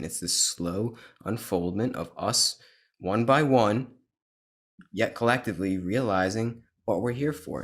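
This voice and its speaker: A man with a fairly low voice hosting a podcast, speaking earnestly and leaning into his points. His tone is conversational and sincere. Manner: earnest, emphatic. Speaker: podcast host. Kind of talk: casual conversation.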